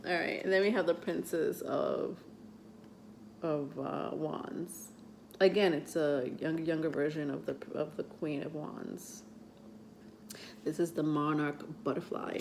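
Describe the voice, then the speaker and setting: A woman giving a casual tarot reading to her viewers, chatty and halting, with many fillers as she reads card texts aloud. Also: deep voice, slight background noise. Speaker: tarot reader.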